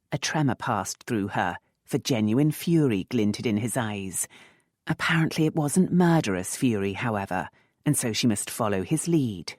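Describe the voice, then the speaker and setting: An audiobook narrator reading a romance novel in a measured, expressive way. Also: mid-range voice, no room sound, clean studio sound.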